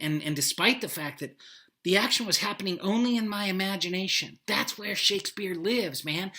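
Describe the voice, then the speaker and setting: A man teaching by video from his living room, telling a rambling, animated story with lots of emphasis. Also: fairly high pitch. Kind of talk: casual storytelling lecture to camera.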